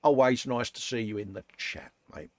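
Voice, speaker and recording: A man's voice: medium pitch, expressive, moderate pace, dry recording. A British man co-hosting a model-making live stream, chatting casually and reading out viewer comments. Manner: chatty, calls people mate, laughs often.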